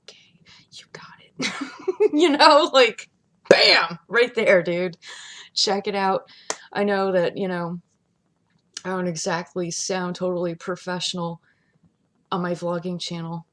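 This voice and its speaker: A woman's voice: medium pitch, measured pace. Chatty laughing woman vlogger. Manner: chatty, laughing often, swinging between loud outbursts and hushed asides. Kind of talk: casual vlog rant. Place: home, not in her studio.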